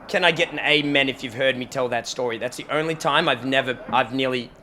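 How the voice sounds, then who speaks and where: Animated, bright-voiced young man swearing freely. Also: medium pitch, fairly quick, a little hiss or hum. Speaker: streamer reacting to videos. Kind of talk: casual reaction commentary and storytelling.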